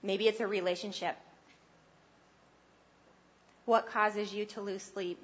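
A woman preaches a sermon in a medium-pitched, slow voice with fairly even intonation, and the highs are cut off in the recording. She is earnest and conversational, lifting her voice with emphasis to press her points.

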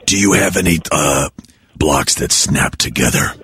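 An actor playing a gruff, brooding Lego Batman in a deadpan prank phone call. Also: measured pace, no room sound, exaggerated voice. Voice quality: deep gravelly. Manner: deadpan, odd non sequiturs. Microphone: telephone call.

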